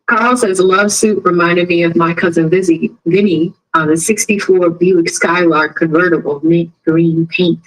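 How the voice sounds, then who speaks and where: A woman's voice: fairly low pitch, a little slow, few pauses, rough recording. A woman hosting a casual live stream. She chats with viewers and tells stories, acting out the people she quotes. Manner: chatty, animated storyteller who acts out quotes. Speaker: live stream host covering a trial.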